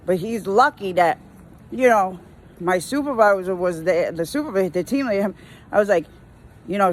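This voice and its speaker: A woman's voice: lowish voice, animated, moderate pace. Exasperated woman ranting in her car. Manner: exasperated, mimics customers, lots of slang. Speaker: retail worker venting. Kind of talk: casual rant while driving.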